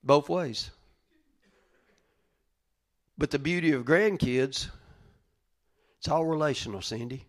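An older man, preaching in a conversational style, calling listeners by name and moving between loud rises and quiet asides. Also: a little high, slow pace, long pauses. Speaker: pastor. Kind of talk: conversational sermon.

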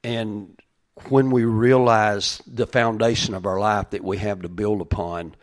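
Low-voiced man preaching in a folksy way. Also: fairly even intonation, unhurried. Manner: folksy, with side stories and repeated restarts. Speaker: pastor. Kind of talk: conversational sermon.

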